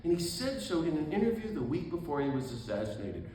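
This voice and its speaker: A man giving an animated talk as a priest, exuberant, with quick asides and laughter at himself. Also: fairly high pitch, recorded from a distance. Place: event hall. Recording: echoey room with faint background noise.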